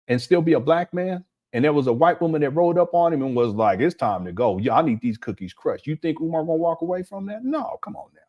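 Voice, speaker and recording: An older man giving casual reaction commentary as a channel host, animated and mocking, often breaking into laughter. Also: on the high side.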